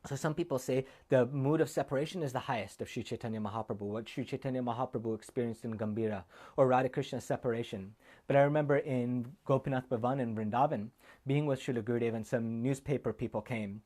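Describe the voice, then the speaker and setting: A man giving a loose, heartfelt sermon as a monk, drifting between personal memories and teaching. He speaks at a middling pitch and often wanders off on side tangents before finding his way back. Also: darkish tone. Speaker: monk giving a remembrance talk. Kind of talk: informal sermon with personal stories. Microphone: camera recording.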